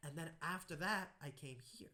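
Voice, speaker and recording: A man hosting a podcast, telling anecdotes in a casual, animated way and acting out the voices in his stories. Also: fairly high pitch, a little fast. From United States. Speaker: podcast host. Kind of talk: casual conversational storytelling.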